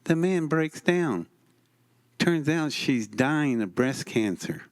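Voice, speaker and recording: A man's voice: on the high side, lively intonation, slow. A man telling wry, folksy stories on stage at an expo. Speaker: expo speaker. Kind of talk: storytelling on stage.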